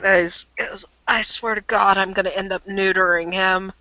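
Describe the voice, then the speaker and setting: A woman narrating a tabletop game as game master, relaxed and profane. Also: medium pitch, normal speed, no echo. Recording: dull lo-fi voice chat.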